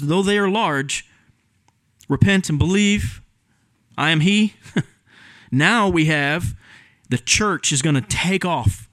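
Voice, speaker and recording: A slightly high-voiced man, recorded dry, serves as a pastor giving an expository sermon in a church sanctuary. Earnest and teacherly, he breaks down the meanings of words, using frequent ums and other fillers.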